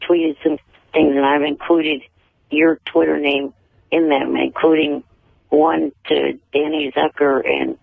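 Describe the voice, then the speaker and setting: Gravelly, halting man on a tinny phone line. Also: fairly high pitch, expressive, dry recording. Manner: halting, repeats words, stiff and earnest. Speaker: regular phone caller. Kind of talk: casual call-in chat.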